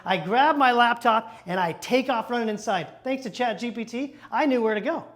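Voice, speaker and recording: A male pastor telling a lively personal story from the pulpit, acting out the dialogue and turning to the congregation with quick asides. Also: very high-pitched. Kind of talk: storytelling sermon. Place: church stage.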